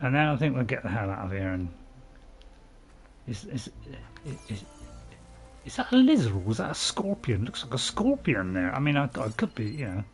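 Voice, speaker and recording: A man hosting a gaming channel, giving live commentary as he plays and talking to himself, swinging between panic and calm. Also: medium pitch, normal speed, faint music behind.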